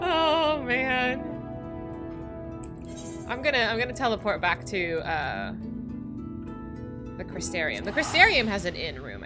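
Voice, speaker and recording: A woman streaming a video game, chatting casually with viewers, giggly and emotional, often laughing through tears, with many restarts. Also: on the high side. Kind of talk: casual livestream chat while gaming.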